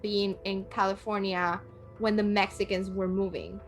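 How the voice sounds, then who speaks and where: A woman from Puerto Rico, a guest in a casual chat, talking with animated energy and laughing often. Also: medium pitch, normal speed, faint music behind.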